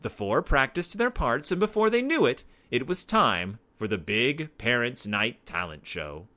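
A man narrating a children's storybook aloud in an expressive, animated way. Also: mid-range voice, a little slow.

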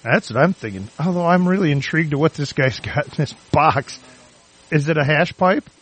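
A man's voice: fairly high pitch, normal speed, breathy edge. A man in a casual podcast chat, laid-back, laughing and swearing.

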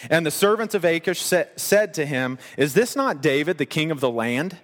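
A man delivering a lively, conversational sermon, his voice sitting a little higher than most. He drops in playful asides as he preaches, and the words carry a long reverb from a large hall. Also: normal speed. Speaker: pastor.

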